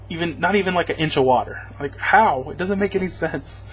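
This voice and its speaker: Guy doing a sarcastic movie review, kinda husky, rambles a lot and keeps chuckling. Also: fairly high pitch, moderate pace, poor audio. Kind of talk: casual plot recap review.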